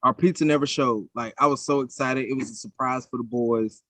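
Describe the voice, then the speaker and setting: Profane, animated man telling stories. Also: medium pitch, fairly quick, no room sound. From United States. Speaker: podcast co-host. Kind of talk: casual chat.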